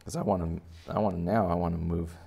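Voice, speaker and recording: The drawing teacher here has a deep, husky, warm voice with vocal fry and fairly even intonation, moving at a quick pace. His casual lesson for children is playful, rambling and full of fillers.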